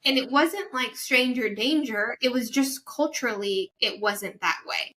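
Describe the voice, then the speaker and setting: A woman from the United States hosting a podcast, asking curious questions and telling her own stories in an animated way. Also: on the high side, unhurried, low-quality recording. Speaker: podcast host. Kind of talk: casual interview chat.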